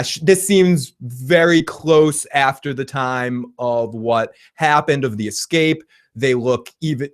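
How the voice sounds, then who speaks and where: A man hosting a casual reaction livestream, rambling and joking, swearing freely and laughing often as he reads viewer comments. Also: medium pitch. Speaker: livestream host.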